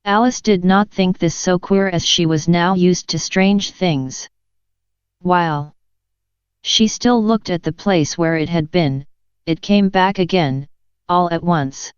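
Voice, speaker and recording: A woman narrates a classic children's story in an even, measured way. Her voice is very clear and a little low. The recording is dry and slightly muffled. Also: no echo. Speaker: audiobook narrator. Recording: dry, dull lo-fi sound.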